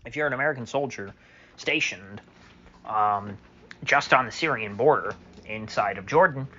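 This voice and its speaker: Bright-voiced sarcastic male commentator. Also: medium pitch, normal speed, dull audio, slight background noise. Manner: sarcastic, mocking mimicry, many fillers. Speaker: political commentator. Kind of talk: solo opinion monologue.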